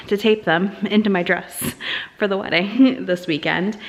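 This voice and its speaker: Chatty woman book vlogger. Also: mid-range voice. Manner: chatty and candid. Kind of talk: casual vlog chat.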